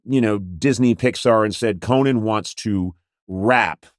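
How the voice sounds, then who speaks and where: A man's voice: lowish voice, a little slow, no room sound. Rambling middle-aged man, dry studio sound. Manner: rambling, self-mocking, jokey asides. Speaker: podcast host. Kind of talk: casual comedic chat. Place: Los Angeles podcast studio.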